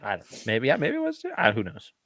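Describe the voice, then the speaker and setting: A man's voice: medium pitch, wildly swooping pitch, quick pace, gravelly, fairly bright tone, no room sound. A man co-hosting a casual film podcast. He talks in a laid-back way, riffs on jokes and laughs often. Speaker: podcast co-host. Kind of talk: casual film-review chat.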